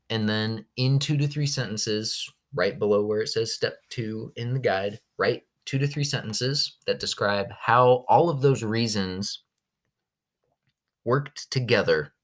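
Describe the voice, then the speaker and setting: A man's voice: fairly low pitch, a bit bright. A male history teacher recording a podcast lesson for his class, telling the story with energy and slipping into goofy voices for the countries.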